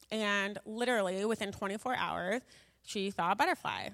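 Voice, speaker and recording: Her mid-range voice is gravelly and a bit bright as she gives a personal faith testimony at normal speed, rambling, self-deprecating, and full of fillers. The audio is studio quality but has a long hall reverb.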